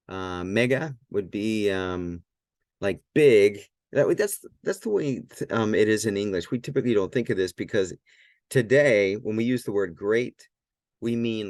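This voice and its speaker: A man with a very low voice teaching a language lesson at a whiteboard. He talks in a relaxed way, thinking aloud and often restarting his words. The sound is close and dry. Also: no room sound. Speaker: Greek teacher.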